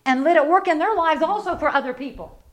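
A middle-aged woman preaching a sermon with fervent conviction, swinging from quiet reflection to loud emphatic bursts. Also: high voice, lively intonation, fast talker.

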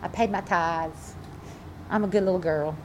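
A woman's voice: on the low side, steady tone, normal speed, a little mellow, slight background noise, pitched below the performer's own voice, lightly acted, poor audio. A woman playing a smug, falsely pious churchgoing woman, with a Southern accent and a syrupy, self-satisfied drawl.

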